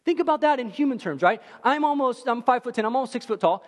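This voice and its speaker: A man preaching a sermon in an animated, conversational way, full of fillers like "like" and "right?". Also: very high-pitched, quick pace. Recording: long hall reverb.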